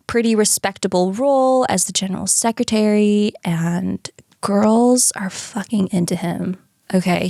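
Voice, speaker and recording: Woman podcaster chatting away, swears a lot, dry close sound, animated. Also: medium pitch, creaky, dry recording. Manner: animated, swears freely, acts out characters. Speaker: podcast co-host. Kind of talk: casual chat recapping a musical.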